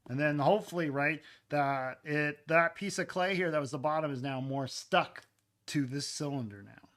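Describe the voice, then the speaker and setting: A man with a fairly high, fairly bright voice talks at a moderate pace while making clay cups in his pottery studio. It's a live-stream demonstration, and his casual commentary often tails off into murmurs.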